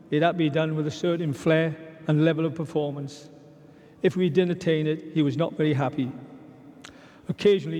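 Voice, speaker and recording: A man with a slightly high, mellow voice shares warm stories at a memorial, slipping into quotes of his old manager. His words ring out with a long reverb, as from a large hall. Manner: fond storytelling, quoting his old boss. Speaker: memorial speaker. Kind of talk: eulogy anecdotes.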